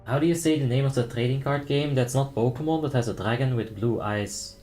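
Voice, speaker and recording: A man's voice: mid-range voice, brisk, a little mellow, soft background music. A young man from the Netherlands chatting casually on a game stream, joking, reading chat aloud and calling raid tactics. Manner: laid-back, joking, reads chat aloud and laughs often.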